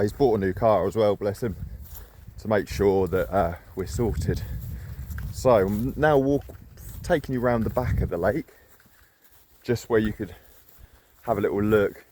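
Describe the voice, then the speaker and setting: A fairly low-voiced man rambles in an easy, self-deprecating way while he walks outdoors, slightly out of breath. Faint open-air noise sits under his voice. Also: warm tone. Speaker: carp fishing vlogger. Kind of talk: casual walk-and-talk vlog. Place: outdoors by a lake.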